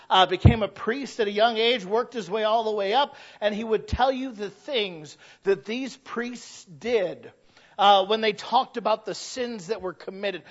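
Man, high voice, preacher, sermon, impassioned, storytelling asides, dull lo-fi recording. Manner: impassioned, rising to shouted emphasis.

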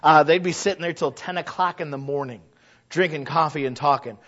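Man, pastor, high voice, sermon, conversational then loud and urging, muffled lo-fi recording. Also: brisk. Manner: conversational preaching, builds to loud exhortation. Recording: dull lo-fi recording.

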